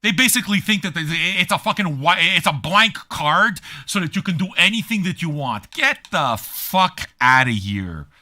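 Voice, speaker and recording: A man's voice: high-pitched, moderate pace, hardly any pauses, sharp tone. A man hosting a DJ livestream, ranting at chat viewers in a profane, mocking and combative way. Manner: mocking, combative and crude, with laughing jabs. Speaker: DJ and livestream host.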